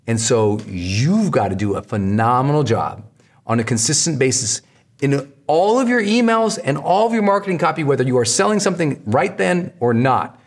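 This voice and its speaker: Energetic man teaching with emphatic repetition. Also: mid-range voice, fast. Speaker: podcast host teaching marketing. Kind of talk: motivational teaching talk.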